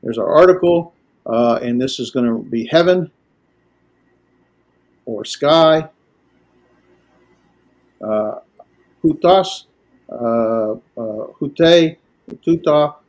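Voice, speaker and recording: A man teaching a language class, lecturing in a halting way with many filler pauses. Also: mid-range voice, darkish tone. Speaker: Greek teacher.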